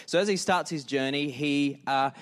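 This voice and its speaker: A man's voice: a little high, normal speed. Earnest male pastor preaching. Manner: conversational storytelling, earnest prayer. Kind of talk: sermon and prayer.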